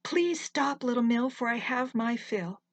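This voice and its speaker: Kind poor brother chanting a polite plea in a high lilting voice, as a grandma storyteller puts him on. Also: female voice, measured pace, no echo. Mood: pleading. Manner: pleading, sing-song chant. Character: kind poor young brother pleading with a magic mill.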